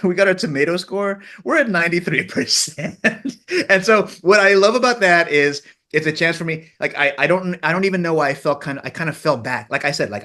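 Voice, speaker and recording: Animated self-deprecating male director. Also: a little high. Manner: animated storyteller, self-deprecating, acts out others' lines. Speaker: film director, guest. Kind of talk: casual interview chat.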